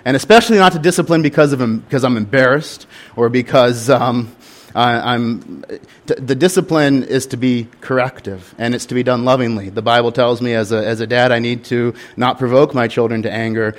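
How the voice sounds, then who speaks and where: A man's voice: medium pitch, a little fast. A young man, a pastor, preaching a sermon and telling a candid story in an earnest way.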